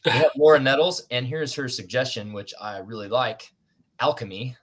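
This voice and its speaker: A livestream host with a mid-range, a bit bright voice keeps his intonation fairly even and his pace moderate. Over a video call for writers, he chats casually, self-deprecating and joking as he goes.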